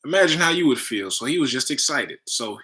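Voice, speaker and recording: A man's voice: mid-range voice, expressive, brisk, pushed and bright. A man and spiritual teacher telling a story in loose, slangy casual talk, full of "you know" and "right?".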